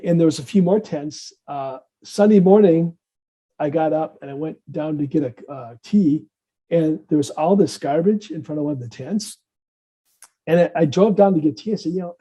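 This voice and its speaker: A middle-aged man from the Midwest, a psychiatrist and interview guest, telling a story with acted-out dialogue. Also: on the high side. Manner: animated, acts out dialogue in different voices.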